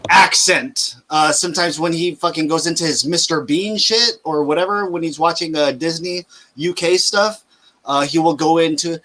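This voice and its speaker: A podcast host in his thirties with a bright, forward tone. He rambles loosely through shout-outs, swearing freely in a relaxed, chatty way. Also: fairly high pitch, normal speed. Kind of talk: casual chat.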